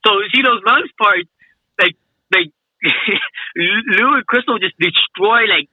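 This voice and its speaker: A man's voice: high voice, measured pace, breathy edge, no echo, lo-fi sound. A man telling a rowdy story in casual chat, laughing and swearing, after a few drinks. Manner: laughing, swearing, animated retelling. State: has been drinking.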